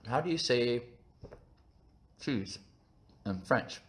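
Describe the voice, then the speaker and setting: A man's voice: mid-range voice, lively intonation, slow pace, a little hiss or hum. A man hosting a casual live stream, chatting in a goofy, rambling, self-mocking way while eating breakfast, recorded on a phone. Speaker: channel host.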